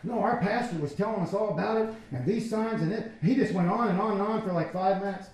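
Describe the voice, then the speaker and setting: In an echoey church hall, a pastor preaches a sermon conversationally, acting out quotes from people. His voice sits high, with a darkish tone, and he speaks fast.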